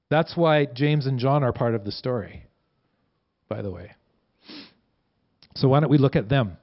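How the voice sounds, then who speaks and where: A man preaching a sermon in a conversational way, raising his voice to act out quoted lines. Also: mid-range voice. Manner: conversational, animated quoting with rising voice. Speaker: pastor. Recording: dull lo-fi sound.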